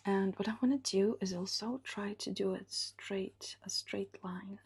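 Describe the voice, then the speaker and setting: Slow, husky woman musing while drawing. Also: medium pitch, fairly even intonation. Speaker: illustrator. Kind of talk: live drawing session commentary.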